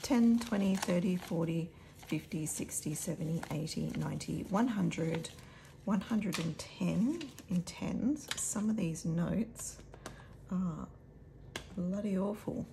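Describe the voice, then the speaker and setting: Aussie lady budget vlogger, chatty and upbeat, counting notes out loud. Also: fairly low pitch, slow, creaky, a little hiss or hum. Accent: Australian. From Australia. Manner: chatty and upbeat, talking to viewers while counting. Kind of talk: casual vlog, counting cash aloud.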